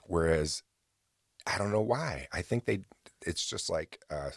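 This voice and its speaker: A man's voice: sits low, animated, measured pace, gravelly, no echo, studio quality. A man hosting a podcast, telling a personal story in a chatty rambling way with hesitant restarts. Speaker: podcast host. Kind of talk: casual rambling monologue.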